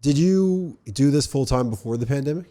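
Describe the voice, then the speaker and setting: A man's voice: medium pitch, lively intonation, a little fast, warm tone. A young man from northern New Jersey hosting a casual podcast, rambling with lots of fillers. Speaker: podcast host. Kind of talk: casual chat.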